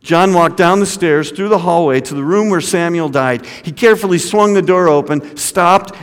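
A man preaching a sermon, retelling a story dramatically, his voice dropping to a hush and then rising high. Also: normal speed, hardly any pauses, smooth. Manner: dramatic, swinging from hushed to raised. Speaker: pastor. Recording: long hall reverb.

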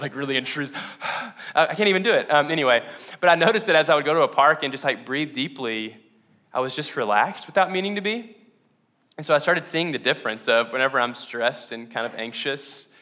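A man's voice: medium pitch, pushed and bright. A man preaching a casual, conversational sermon to his congregation, laughing often and asking them questions. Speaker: pastor.

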